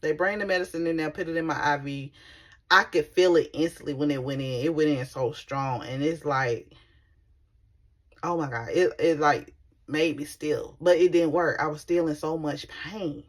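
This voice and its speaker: Chatty low-voiced woman telling a story. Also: normal speed. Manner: animated, conversational, chatty with slang. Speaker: vlogger. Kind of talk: storytime vlog.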